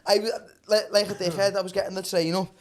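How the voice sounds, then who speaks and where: A man's voice: high-pitched, level tone, fast talker. A man with a Liverpool accent telling rambling, swear-filled comic stories on a podcast and calling everyone lad. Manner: rambling, swears freely, calls people lad. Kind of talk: casual comedic storytelling.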